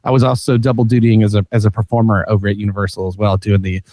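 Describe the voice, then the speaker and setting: A man's voice: lowish voice, flat delivery, racing, warm tone, no room sound, studio quality. A man guesting on a podcast, telling rambling, self-deprecating stories about his work with plenty of fillers and restarts. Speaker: podcast guest, former theme park show director. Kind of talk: casual podcast chat.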